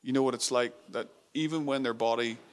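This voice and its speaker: A man preaching a sermon in an earnest, intimate way, repeating phrases for emphasis and dropping to a soft hush on tender moments. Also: mid-range voice, fairly even intonation, fairly quick.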